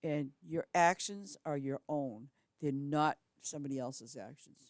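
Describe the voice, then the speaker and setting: A woman's voice: deep voice, a little slow, no echo, clean studio sound. A middle-aged woman chatting on a live stream from home, blunt and matter-of-fact, often restarting her sentences. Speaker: game streamer. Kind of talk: casual chat on a live stream.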